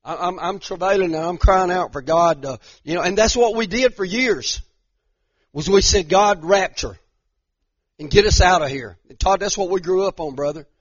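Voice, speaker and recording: A man's voice: high-pitched, moderate pace, no room sound. Fervent middle-aged male pastor, dull lo-fi. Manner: fervent, repeats himself, builds to emphatic rises. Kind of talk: impassioned conversational preaching. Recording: dull lo-fi dry sound.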